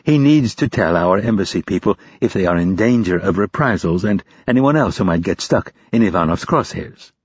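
A composed young female intelligence officer, as a male narrator puts her on. She speaks coolly and precisely, with a low, husky tone. The recording is dull and dry. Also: animated, moderate pace, hardly any pauses, darkish tone, dry recording. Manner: cool, probing, businesslike.

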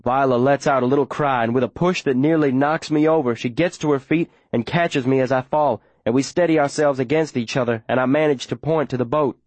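A man's voice: mid-range voice, fairly quick, few pauses, a little mellow, no room sound. A man reading a first-person audiobook in an urgent, breathless, tense way. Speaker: audiobook narrator.

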